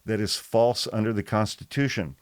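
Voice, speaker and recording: Deadpan, exasperated man with a smooth, low voice. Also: moderate pace, dry recording. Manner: sarcastic, exasperated, deadpan rebuttals. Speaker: political commentary podcaster. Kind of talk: casual political commentary reading and rebutting quotes.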